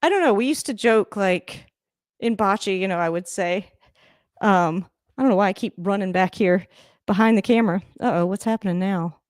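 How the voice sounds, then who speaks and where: A woman talking through a football game live from her home, rambling and chatty in a middle-pitched voice. She laughs often and jumps into sudden excited outbursts at the plays. The sound is dry and close. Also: moderate pace, dry recording. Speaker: livestream host reacting to a football game. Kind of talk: casual live game reaction. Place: home room, moving around the camera.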